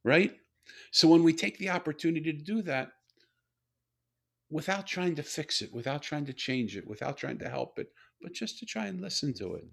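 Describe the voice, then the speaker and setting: Gravelly man telling earnest stories. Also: a little high, expressive, fairly bright tone. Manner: slow, earnest, repetitive phrasing. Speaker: guest, storyteller and author. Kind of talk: reflective conversational storytelling.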